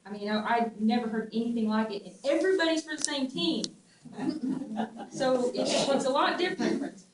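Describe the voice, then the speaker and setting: A middle-aged woman with a Southern US twang, telling stories in a casual, animated way, laughing often and restarting her sentences. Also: on the high side, normal speed, crowd noise. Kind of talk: casual storytelling. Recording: echoey room, distant mic, faint ambient noise.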